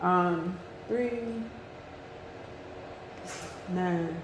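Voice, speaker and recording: A woman's voice: fairly low pitch, extremely slow. A woman chatting on a livestream from her yard, cooing and fussing at her dog in a chatty way. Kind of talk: casual live chat. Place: outdoors in a yard. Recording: echoey with long reverb, faint noise.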